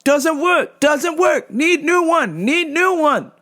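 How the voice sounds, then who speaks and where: A woman doing a frantic, desperate man who yells in clipped, broken phrases. His voice is pitched far above her own and swings wildly as he insists on something stronger. He is pushy and keeps repeating himself. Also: animated, slow, full character voice. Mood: frantic insistent.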